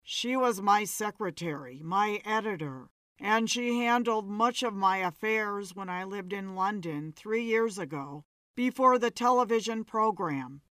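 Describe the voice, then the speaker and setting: A woman's voice: medium pitch, animated, a little slow, a bit bright, clean tone, dry recording, studio quality. A woman reading a story aloud voices Gregory, a hot-tempered, defensive middle-aged man.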